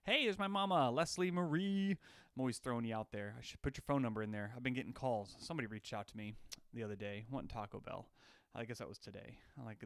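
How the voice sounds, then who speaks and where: A young man from Alaska chats casually on a live stream, joking and greeting viewers by name. His voice sits in an ordinary middle pitch. The sound is dry and close, with no room around it. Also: lively intonation, a little fast, no echo. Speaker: livestream host. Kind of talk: casual livestream chat. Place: on his home deck.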